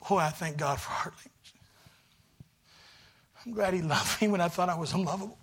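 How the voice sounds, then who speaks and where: A man preaching a sermon as a guest preacher in a church, swinging from shouted fervor to a soft, pleading altar call. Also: sits high, moderate pace, long pauses, husky. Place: church sanctuary.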